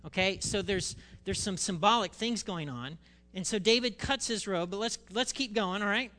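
A male pastor preaching a sermon, reading scripture and retelling it with animated, dramatic emphasis. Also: high-pitched, normal speed, in a large hall.

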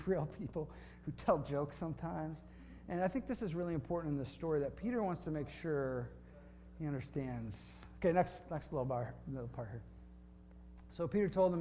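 Male preacher, slightly higher voice, easygoing storyteller, faint hum behind. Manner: conversational, wry storytelling with scripture reading. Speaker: pastor. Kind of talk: sermon with storytelling.

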